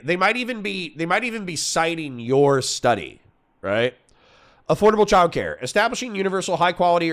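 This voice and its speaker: A young man arguing bluntly and profanely in a heated online debate, reading out points and rebutting them quickly. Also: mid-range voice, fairly bright tone. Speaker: debater and streamer.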